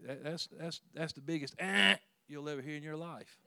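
A man preaching a sermon in a conversational, earnest way, with frequent restarts and sudden rises in pitch and volume. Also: fairly even intonation, a little fast, clean tone, dry recording. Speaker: pastor.

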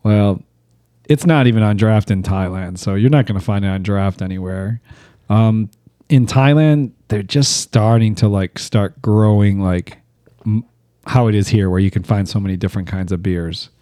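A man with a low, warm, mellow voice who chats in a relaxed way. He tells easygoing stories and laughs at them himself, and the recording is dry and close. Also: moderate pace, dry recording. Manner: laid-back, laughs at his own stories. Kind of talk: casual chat, storytelling.

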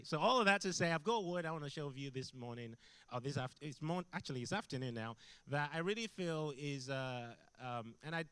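A man's voice: fairly high pitch, clean tone, dry recording. Intense man preaching in a church. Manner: intense, shouts at times, animated storytelling. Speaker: guest preacher. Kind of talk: sermon. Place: church hall.

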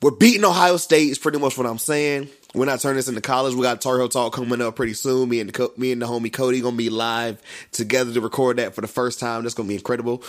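A man co-hosting a casual sports podcast with a relaxed, rambling delivery. He leans on slang and fillers and drifts from point to point. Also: mid-range voice. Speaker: podcast co-host.

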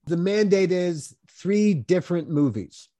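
An older man, a producer, reminiscing casually with many halting restarts. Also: sits high, lively intonation, dark tone.

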